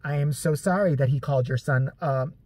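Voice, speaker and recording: Worn-out mom apologizing on robocalls, flat and weary, played by a vlogger. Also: female voice, low voice, a little fast, dry recording, pitched below the performer's own voice. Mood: weary apologetic. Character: apologetic mother making robocalls about her swearing son.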